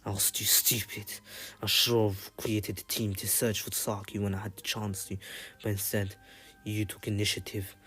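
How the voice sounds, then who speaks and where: A man's voice: fairly low pitch, flat delivery, normal speed, a bit bright, breathy edge. A man voicing a remorseful female ninja leader who blames herself and apologizes. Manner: apologetic, self-blaming.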